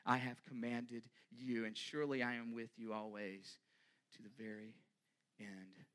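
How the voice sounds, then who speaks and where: A man playing Jesus in a sermon, earnest and pledging his mission, rising to impassioned shouts. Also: medium pitch, level tone, unhurried, close to an everyday voice.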